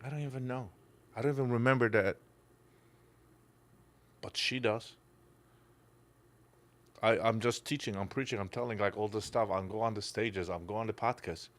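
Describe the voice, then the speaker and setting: This casual podcast chat features a middle-aged man from Poland whose first language is Polish, speaking with a Polish accent. He pauses often, talks at normal speed in a fairly low pitch, and tells his stories in emotional, blunt, broken English that includes some swearing.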